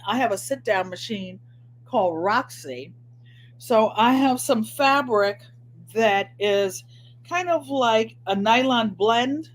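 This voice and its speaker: An older woman hosting a casual sewing and crafts vlog, rambling warmly to viewers and answering them by name. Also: medium pitch. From Connecticut. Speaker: crafting channel host.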